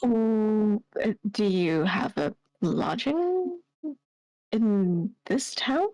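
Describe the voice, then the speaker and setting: A woman playing a tabletop game, asking slow, measured in-character questions. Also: medium pitch, animated, warm tone, dry recording. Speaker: player.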